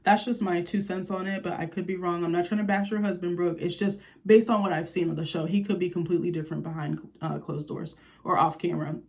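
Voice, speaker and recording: A woman vlogger with a somewhat low voice talks through a TV episode recap in a loose, opinionated way. She speaks candidly and keeps a chatty flow full of "like" and "you know.". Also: steady tone, fast talker, gravelly, few pauses. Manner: candid, chatty, with many fillers.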